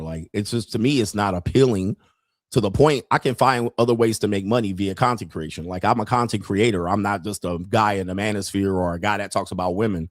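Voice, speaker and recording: A man's voice: fairly low pitch, brisk, no room sound. Blunt profane man ranting, dry sound. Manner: blunt, heavy swearing, laughs often. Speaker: podcast host. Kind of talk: profane livestream rant.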